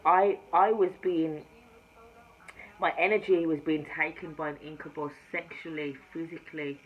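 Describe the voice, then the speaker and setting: A woman with a Jamaican-tinged accent, a tarot reader, telling her spiritual testimony to camera in an emphatic storytelling manner, swinging between hushed and loud. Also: sits low, fairly even intonation, moderate pace. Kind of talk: personal testimony told to camera. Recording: slightly dull recording with faint room ambience.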